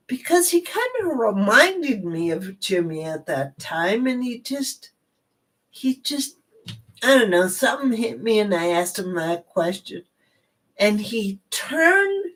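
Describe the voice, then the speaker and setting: A woman at a slow, easy pace tells a story from her own life. She chats along with plenty of asides and checks with the listener, and grows animated as the story builds. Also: a little high. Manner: chatty, rambling asides, animated retelling. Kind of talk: personal storytelling.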